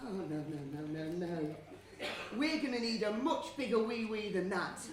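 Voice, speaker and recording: A woman playing a silly young man in a stage pantomime, chummy and playful as she gets the audience shouting. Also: mid-range voice, expressive, moderate pace, a crowd in the background, lightly acted. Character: Bree, a silly, cheese-loving young man. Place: theatre stage. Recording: echoey theatre from far off, noisy.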